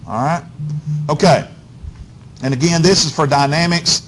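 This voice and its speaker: Slightly high and a little slow, this male physics teacher's voice comes through with slight background noise. He lectures in a folksy, coaxing way, speaking straight to the class and checking in constantly with "okay?" and "all right?"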